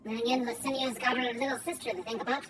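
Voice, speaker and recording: A woman reading game dialogue aloud, putting on an odd accent to voice a gruff, wary male trader. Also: a little high, steady tone, quick pace, lightly acted, poor audio. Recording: game music behind.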